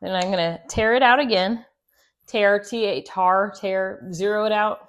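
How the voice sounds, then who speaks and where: Wearing a clip-on mic, a chatty woman who hosts a homestead show cooks in her home kitchen, speaking at a moderate pace in a mid-range, slightly bright voice. The demonstration is relaxed, and she jokes and laughs at herself along the way.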